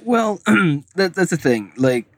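A man co-hosting a casual movie review podcast, speaking in a knowledgeable, measured way with casual swearing. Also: high-pitched, sing-song, no room sound. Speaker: podcast co-host.

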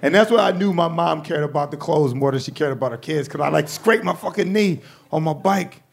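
A male stand-up comedian doing a profane, animated routine, acting out quoted voices with shouts. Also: a little high, fairly quick, gravelly.

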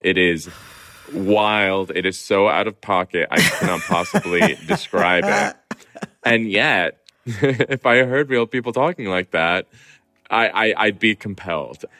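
A man's voice: fairly low pitch, expressive, a little slow, pushed and bright. A man from Southern California, a guest columnist chatting animatedly in an interview and laughing often. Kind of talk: casual interview chat.

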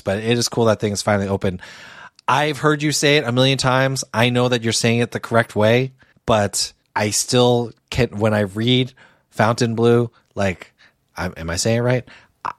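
A man's voice: lowish voice, no room sound, clean studio sound. A man co-hosting a podcast, casual and laid-back, often rambling and correcting himself. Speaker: podcast co-host. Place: home setup, Boston area.

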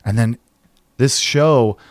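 A man co-hosting a casual podcast chat, telling stories in an animated way, acting out quotes and swearing casually. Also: mid-range voice, takes it slowly, no echo. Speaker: podcast co-host.

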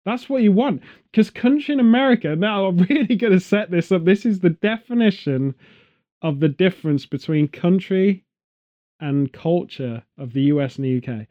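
A man's voice: sits high, animated, moderate pace. A British man hosting a podcast, rambling and joking in casual chat with exaggerated tangents. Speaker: podcast host. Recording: dull lo-fi audio.

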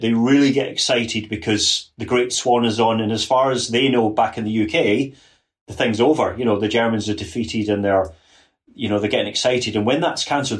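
A man speaks casually as a podcast guest, his voice sitting a little low. He is earnest and often doubles back on his words while working through a point. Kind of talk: casual conversation.

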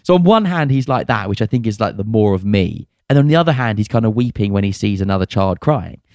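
A man's voice: on the low side, lively intonation, fast, darkish tone, no room sound, clean studio sound. A man co-hosting a podcast, chatting frankly and jokily with plenty of fillers. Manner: frank and jokey, lots of fillers. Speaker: podcast co-host. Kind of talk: casual chat.

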